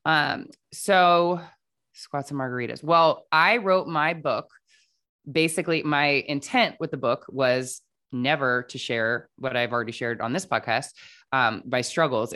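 A woman appears as a podcast guest, casually telling her own story with frequent "like" fillers and acted-out quoted dialogue. Her very deep voice has a fairly bright tone and a measured pace.

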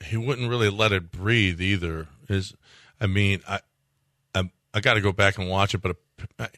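A man's voice: sits low, steady tone, normal speed, sharp tone, no room sound, clean studio sound. A man co-hosting a sports radio show, chatting casually and egging on his co-host.

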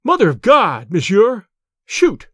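A man's voice: sits high, big pitch swings, a little fast, dry recording, studio quality. A man voicing an agitated French nobleman. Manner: emphatic and agitated. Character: impulsive French nobleman, adult male, overwrought.

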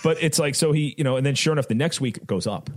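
A man recounting his music industry days in a casual interview, animated and quoting his own past reactions. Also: mid-range voice, fast talker. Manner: animated, quotes himself with raised voice.

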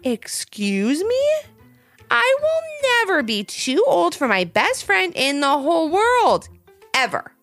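A woman voicing an excitable, stubborn little girl with a shrill, whiny voice. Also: moderate pace, soft background music, exaggerated voice. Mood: excited.

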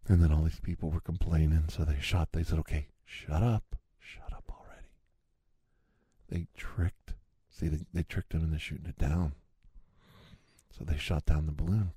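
Husky low-voiced man rambling conspiracies. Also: flat delivery, moderate pace, warm tone, dry recording. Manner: rambling, keeps saying "see?", drops to sudden whispers.

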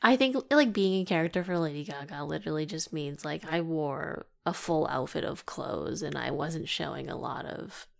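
Gravelly-voiced woman making wry quips. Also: sits low, moderate pace, hardly any pauses. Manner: wry, sarcastic interjections. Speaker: podcast co-host. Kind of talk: casual movie chat.

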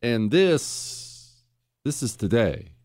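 Sarcastic, lively talk radio host man. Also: mid-range voice, very slow, dry recording, clean studio sound, faint music behind. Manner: sarcastic and animated.

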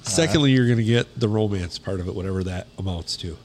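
A man co-hosting a podcast, dry and deadpan in casual banter. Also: lowish voice, quick pace, slight background noise. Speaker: podcast co-host.

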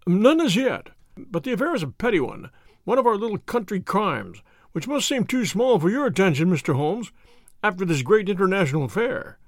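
A man voicing a bluff, hearty old army colonel who talks briskly and emphatically. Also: sits high, very animated, dry recording, studio quality, voice pushed up, exaggerated voice.

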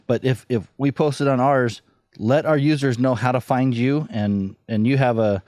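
A man on a podcast spins a funny anecdote and throws his voice for each character in it. His voice sits at an ordinary middle pitch. The sound is dry and close, with no room echo. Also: normal speed. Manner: animated storyteller, acts out voices in anecdotes. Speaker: podcast guest. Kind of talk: casual podcast chat.

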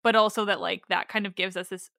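Bright-voiced woman asking eager questions. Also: medium pitch, fairly even intonation, creaky, no room sound, studio quality. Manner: eager, curious, quick questions with restarts. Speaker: podcast co-host. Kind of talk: casual chat.

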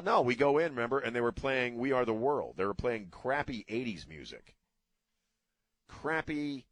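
A man's voice: mid-range voice, dry recording. A middle-aged man hosting a radio talk show, ranting bluntly in a casual way and cursing freely.

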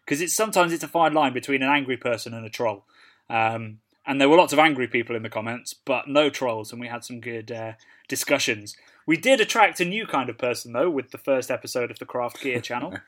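A man's voice: medium pitch, a little fast, a bit bright. British man co-hosting a casual chat. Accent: British English. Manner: laughs while telling stories, reads out comments. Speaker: podcast co-host.

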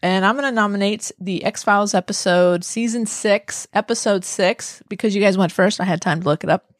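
A woman's voice: mid-range voice, moderate pace, no room sound, clean studio sound. A woman co-hosting a podcast in casual chat, talkative and laughing at herself. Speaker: podcast co-host.

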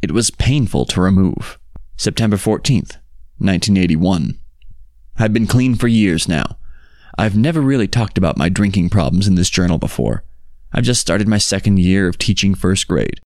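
Male narrator, very low voice, dry close sound, somber horror reading. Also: darkish tone, no room sound. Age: 60s. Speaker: story narrator. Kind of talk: scripted narration of a horror story.

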